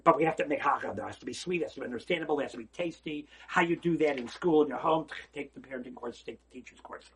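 This rabbi's holiday Torah lecture comes very fast in a gravelly mid-range voice, with hardly any pauses and slight background noise. He preaches emphatically, asks rhetorical questions, and veers between loud exclamations and quiet asides.

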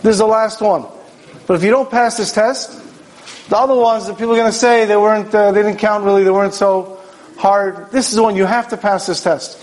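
High-voiced man giving a storytelling sermon. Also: steady tone, fairly quick, darkish tone, low-quality recording. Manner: storytelling with rhetorical questions and acted-out dialogue. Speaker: rabbi teaching Torah. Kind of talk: Torah sermon.

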